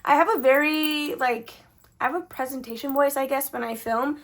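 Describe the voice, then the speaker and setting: A woman's voice: sits high, fairly even intonation, normal speed. A young woman casually vlogging her savings challenges, chatty and full of fillers, her sentences trailing up at the end. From Texas. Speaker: budgeting vlogger.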